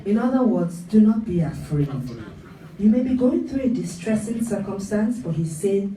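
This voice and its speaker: A woman's voice: mid-range voice, expressive, normal speed, mellow, a little hiss or hum. Emphatic woman preaching in an echoey church. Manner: emphatic, repeats phrases for emphasis. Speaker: pastor. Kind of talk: sermon. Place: church hall. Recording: echoey hall, picked up from a distance.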